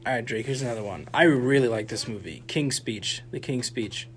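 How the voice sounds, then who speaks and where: A man's voice: medium pitch, a little fast, slight background noise. A young man co-hosting a campus radio movie talk show, rambling and restarting his sentences. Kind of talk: casual chat.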